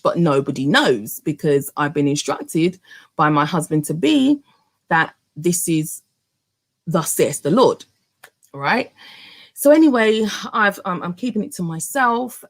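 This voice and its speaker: Low, gravelly woman telling her story. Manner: animated, many fillers and restarts. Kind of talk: personal storytelling to camera.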